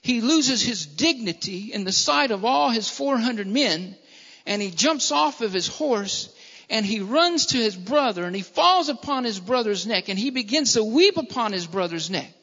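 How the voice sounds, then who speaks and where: A preacher delivering a sermon with emphatic, repetitive phrasing, slowing down to stress key words. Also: mid-range voice, expressive, fairly bright tone. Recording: long reverb, dull lo-fi sound.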